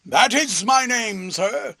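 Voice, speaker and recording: A man voicing a loud, overbearing, pompous male philanthropist in an audiobook reading. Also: animated, slow pace, gravelly, no echo, studio quality, heavily acted. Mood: pompous booming. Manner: booming, ferocious, self-important.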